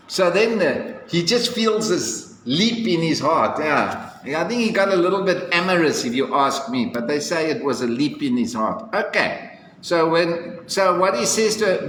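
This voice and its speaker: A man's voice: on the high side, sing-song, unhurried, fairly bright tone, a little hiss or hum. A man telling a fairy tale casually, with chatty asides and playful sound effects. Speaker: storyteller. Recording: echoey hall with faint ambience.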